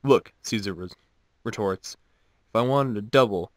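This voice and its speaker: A man's voice: on the low side, moderate pace, fairly bright tone, no echo. A man casually reading jokes aloud and following each one with dry, self-mocking asides. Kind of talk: casual joke reading with commentary.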